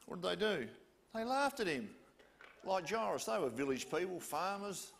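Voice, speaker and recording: A man's voice: high voice, very animated, normal speed, creaky, a bit bright, slight background noise. A man preaching, retelling a story with questions to his listeners. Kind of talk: storytelling sermon.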